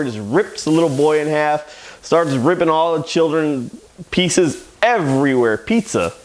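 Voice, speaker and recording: A man with a slightly higher-than-usual voice hosts a laid-back comic review. He retells plots in a loose, rambling way, circling back as he goes. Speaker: comic shop owner and host. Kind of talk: casual comic book review.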